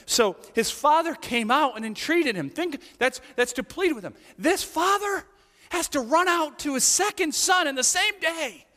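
A man preaching a sermon as a pastor, telling the story with animated swings from loud, high cries to hushed whispered asides. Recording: reverberant hall.

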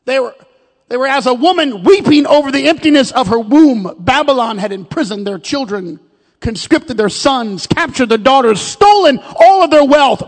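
A male pastor preaching a fervent sermon in a church sanctuary. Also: very high voice. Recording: long hall reverb.

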